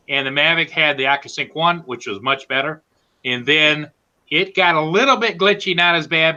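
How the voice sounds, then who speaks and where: A drone-pilot co-host with a fairly high voice chats in a casual group conversation, telling stories and animatedly quoting what others said. The sound is lo-fi.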